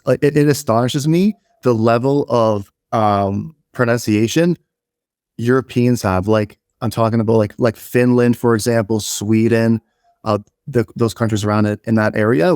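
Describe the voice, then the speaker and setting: A man's voice: mid-range voice, a little mellow, no room sound, clean studio sound. A man chatting casually as a podcast co-host, hedging a lot and restarting his sentences.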